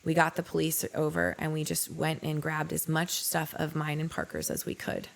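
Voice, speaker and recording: A woman's voice: low voice, fairly even intonation, moderate pace, creaky. A woman in her forties, a podcast guest, frankly telling her life story in a blunt, candid way. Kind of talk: candid personal testimony.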